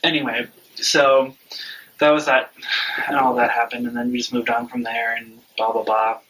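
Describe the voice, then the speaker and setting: A man's voice: mid-range voice, flat delivery, moderate pace, distant mic, background noise. A man in his twenties telling a personal story in casual chat, rambling and frank, swearing freely. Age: 20s. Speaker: vlog regular.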